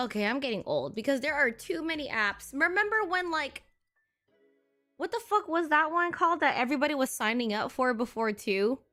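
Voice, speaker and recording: A woman streamer chatting casually to her viewers, excitable and swearing freely. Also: high voice, fairly quick, faint music behind. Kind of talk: casual live-stream chat.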